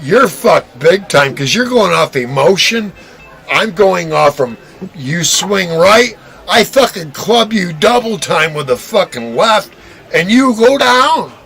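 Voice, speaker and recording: A high, lively voice of a man holding forth slowly about fighting, stumbling over restarts and swearing freely. Now and then he bursts into shouted punch noises. Music plays faintly underneath. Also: gravelly, low-quality recording. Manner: boastful, swearing, stammering restarts, acts out punches with shouted sound effects. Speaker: podcast host. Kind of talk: casual bar-room chat.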